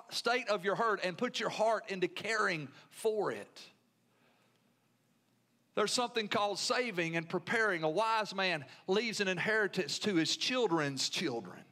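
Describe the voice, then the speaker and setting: A pastor with a Southern US accent preaches with a high, bright voice. He drives points home through repetition and calls for the congregation to answer back. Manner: call-and-response preaching, emphatic repetition. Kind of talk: sermon.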